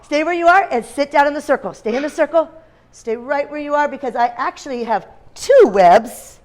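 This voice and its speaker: Animated woman teacher reading to kids. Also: high voice, normal speed. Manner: animated, questioning, animal sounds. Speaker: kindergarten teacher. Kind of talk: reading a picture book aloud to a class. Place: classroom.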